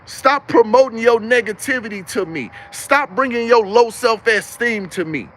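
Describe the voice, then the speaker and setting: A man's voice: high-pitched, sharp tone. A young man giving a preachy, emphatic, repetitive monologue as a live-stream host. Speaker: livestream host.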